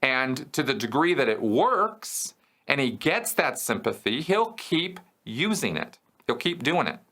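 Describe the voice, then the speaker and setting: Bright-voiced man explaining casually. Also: mid-range voice, very animated, a little slow. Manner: conversational, checks in with "okay?" and "right?". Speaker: host answering viewer questions.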